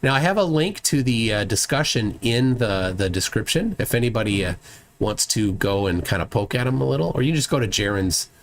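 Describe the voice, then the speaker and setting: A man's voice: fairly low pitch, expressive, brisk. A man hosting a live stream, reading viewer comments aloud and joking with playful voices. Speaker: host.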